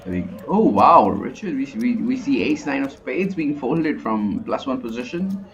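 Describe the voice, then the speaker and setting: A man's voice: mid-range voice, lively intonation, normal speed. A man with an Indian accent giving chatty, analytical live poker commentary, often restarting his sentences. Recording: muffled lo-fi sound.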